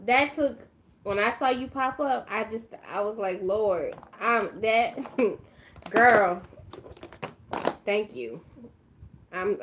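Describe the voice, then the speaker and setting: Tearful, chatty woman vlogger. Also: mid-range voice. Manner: emotional, tearful and effusive, chatty; drops to a quiet murmur while concentrating. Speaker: beauty vlogger. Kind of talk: casual chat while doing makeup.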